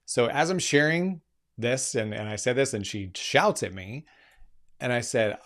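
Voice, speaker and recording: A man's voice: medium pitch, lively intonation, unhurried, fairly bright tone. A man, a keynote speaker and coach, telling a story in an impromptu live session, earnest and emphatic, often restarting phrases.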